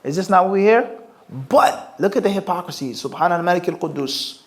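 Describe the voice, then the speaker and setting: With a high-pitched, expressive voice, a little fast, this man leads a live Q&A lecture on Islamic topics. He leans on rhetorical questions, tests his audience by asking "what?", and blends Arabic phrases into English speech.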